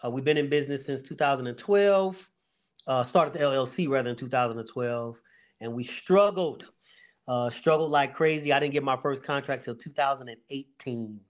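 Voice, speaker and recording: A man's voice: mid-range voice, moderate pace. Earnest middle-aged man telling his story. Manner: earnest storyteller, faith-driven, with fillers and vivid retelling. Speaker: guest, security company owner. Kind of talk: casual podcast testimony.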